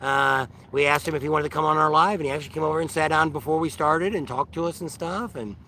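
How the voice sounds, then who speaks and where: A man's voice: a little high, steady tone, fast, bright, forceful tone, slight background noise. A man hosting a casual vlog sign-off outdoors at a campground, rambling and joking. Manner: rambling, joking, sound-effect interjections. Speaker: vlog host. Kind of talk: casual live-stream sign-off.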